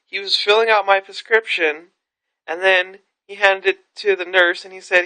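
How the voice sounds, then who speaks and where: Bright-voiced woman ranting frankly. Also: medium pitch, fairly even intonation, normal speed. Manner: frank, profane, rambling storytelling. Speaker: vlogger. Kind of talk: candid vlog monologue.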